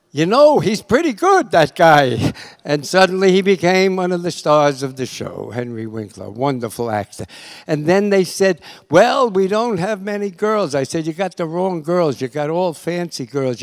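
Older man, animated storyteller, slightly high voice; reads as a seasoned raconteur who acts out everyone he quotes. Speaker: guest, TV writer-director. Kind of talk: anecdotal storytelling.

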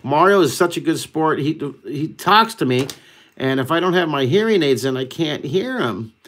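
A man hosting a live online drawing lesson, talking excitedly and rambling as he draws and makes up a story. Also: on the high side, moderate pace.

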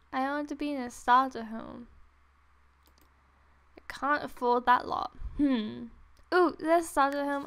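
A young woman giving casual, excitable commentary while playing a game late at night. She is tired but gushing and giggly, and often squeals. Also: high-pitched. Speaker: gaming video creator. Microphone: desktop USB microphone.

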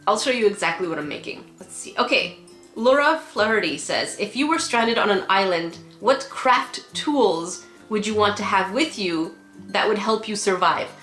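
A woman's voice: medium pitch, expressive, normal speed, fairly bright tone. A young woman vlogging casually from bed while unwell, chatty and emotional, laughing often. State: unwell, tired. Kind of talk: casual chat. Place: bedroom at home. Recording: echoey room with faint music.

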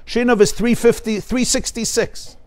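A man teaching a class in a study hall, his voice pitched notably high. He tells stories with lively acted-out dialogue and keeps his listeners engaged through a stream of rhetorical questions. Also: moderate pace, noisy background. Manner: animated storytelling, acts out dialogue; explains Hebrew terms with rhetorical questions. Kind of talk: Torah class lecture.

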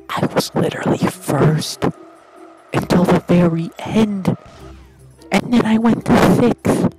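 A young man giving excitable, swearing commentary while playing a kart racing game, often jumping up into high yelps. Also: slow, pauses often, soft background music. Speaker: gaming channel host. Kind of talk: let's play commentary.

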